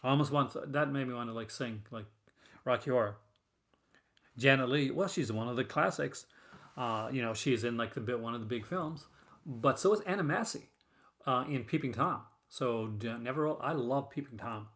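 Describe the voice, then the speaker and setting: The host of a horror film collecting show chats with viewers on a casual live stream, his medium-pitched voice a bit bright and moving at a moderate pace. He rambles, full of fillers and restarts.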